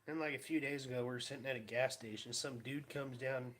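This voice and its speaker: A man's voice: medium pitch, fairly even intonation, fairly quick, a bit bright. A man chatting casually in a vlog, telling wry, rambling stories about his day. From Pacific Northwest of the US. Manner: rambling, wry storytelling with mocking voices. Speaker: vlogger.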